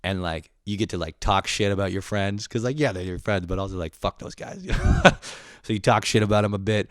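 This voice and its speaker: A young man with a lowish voice rants through a comedic podcast monologue, cursing freely and mocking himself. His energy jumps into loud outbursts, then sinks into low mutters. The sound is dry and close, with no room around it. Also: fairly quick, no echo. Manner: profane, irritable, self-mocking. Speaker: podcast host.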